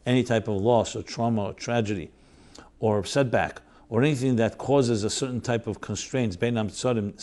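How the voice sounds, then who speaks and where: Guy teaching a religious lecture, earnest and explaining every term, medium pitch. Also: a little mellow. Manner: earnest, explanatory, weaves in Hebrew terms and glosses them. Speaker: host and teacher of Chassidic thought.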